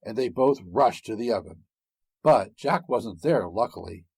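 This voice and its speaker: Slow, expressive husky male storyteller. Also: lowish voice, no room sound. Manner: expressive, unhurried, dramatic. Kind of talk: fairy tale narration.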